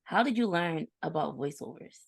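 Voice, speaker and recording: A woman podcast co-host with a fairly low voice chats with her guest. She tells stories in an animated, conversational way. The recording is dry and close. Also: moderate pace, creaky, breathy edge, dry recording. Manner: chatty, storytelling, animated retelling. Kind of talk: casual interview chat.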